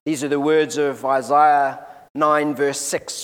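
A man preaching a sermon to a congregation in a church room, earnest and often repeating words as he goes, slowing down for scripture readings. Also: fairly high pitch, flat delivery, clean tone, long reverb tail.

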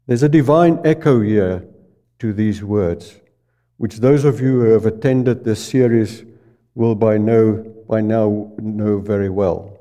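A male preacher delivers a sermon at an unhurried pace. His voice is very dark and mellow, and it sinks lower and quieter on the phrases he wants to stress. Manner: slow, deliberate, drops low and soft on key phrases.

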